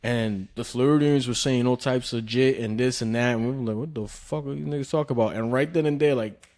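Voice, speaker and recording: Profane, animated man telling stories. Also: mid-range voice, fairly quick. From New York. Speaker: podcast co-host. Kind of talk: casual chat.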